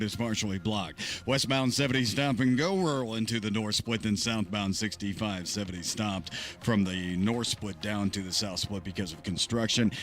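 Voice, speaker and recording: A male radio traffic reporter with a mid-range voice. He rattles off roads and delays in a quick, clipped report, then reads a sponsor ad in the same steady way. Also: mid-range voice. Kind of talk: brisk traffic report and ad read.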